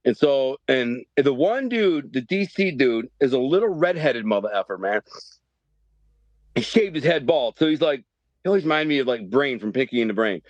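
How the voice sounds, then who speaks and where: A man in his fifties from the Detroit area, telling a story as a podcast guest in animated, profane street slang. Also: medium pitch, moderate pace, no echo, highs cut off. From Detroit area, Michigan. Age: 50s. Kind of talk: storytelling interview.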